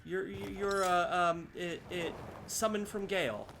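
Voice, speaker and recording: A man's voice: sits high, fairly even intonation, slow pace, a bit bright, slight background noise. A man streaming a game live, chatting casually and scattered with viewers, swearing now and then. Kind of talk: casual gameplay commentary. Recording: music playing behind.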